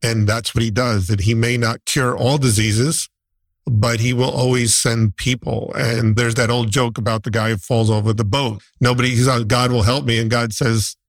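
A man's voice: medium pitch, fairly even intonation, moderate pace, dry recording. A middle-aged man who works in newborn intensive care, speaking heartfelt and emphatic in a conversation. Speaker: neonatal nurse.

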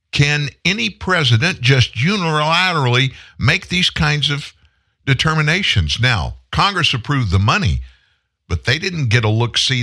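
Casting note: male talk-show host, lively swooping delivery, indignant, rhetorical. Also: medium pitch. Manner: animated, indignant, rhetorical questions. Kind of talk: political commentary.

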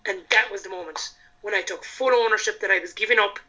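An Irish woman, a podcast guest, telling her own story in a frank, animated way and swearing freely. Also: a little high, fast talker, highs cut off. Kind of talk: candid storytelling in casual chat.

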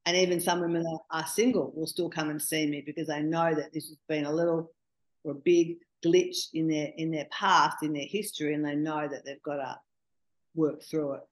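Chatty woman, lowish voice. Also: normal speed, low-quality recording. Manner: chatty, animated storyteller with frequent "you know". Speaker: intimacy coach guest. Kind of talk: casual storytelling interview.

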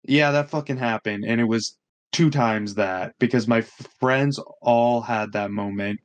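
With a mid-range voice at a slightly slow pace, a young podcast co-host spins an animated story. He swears often and plays out the quotes of other people.

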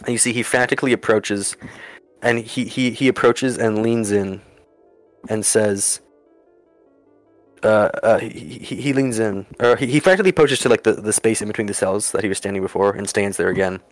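A man's voice: fairly low pitch, moderate pace, no echo, soft background music. A man narrating a tabletop game as game master, with many restarts and fillers.

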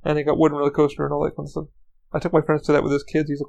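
Speaking rapid-fire with vocal fry, a man whose voice is a little high, level and darkish hosts his own podcast from Orlando, Florida. He rambles through a casual tale, swearing often and restarting his sentences amid plenty of fillers, all on a low-quality recording.

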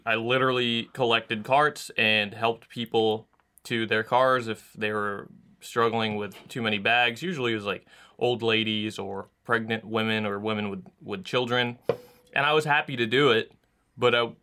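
A young man in his twenties in casual chat, talking haltingly with restarts. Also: fairly low pitch, fairly even intonation, bright, forceful tone, clean tone.

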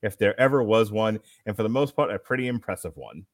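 A man's voice: fairly low pitch, lively intonation, fairly quick, no echo, studio quality. A man hosting a casual movie review podcast, reading out critic quotes and laughing often. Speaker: podcast host.

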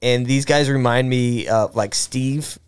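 A young man with a smooth, clear voice tells a history story to his co-host in an offhand, rambling way. He fills it with ums, restarts and casual swearing, and the delivery stays conversational. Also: medium pitch, a little slow. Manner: recounts history loosely, with filler words, restarts and profanity. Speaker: podcast co-host.

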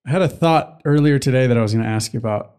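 A man's voice: mid-range voice, quick pace, a little mellow, smooth. Rambling young man chatting. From United States. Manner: rambling, loses his train of thought, swears casually. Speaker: podcast co-host. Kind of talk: casual chat.

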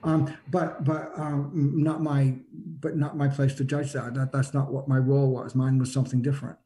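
A man recounting a personal experience in conversational storytelling, halting and full of repeated restarts. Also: flat delivery, mellow. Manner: acts out quoted lines with shifts in pitch.

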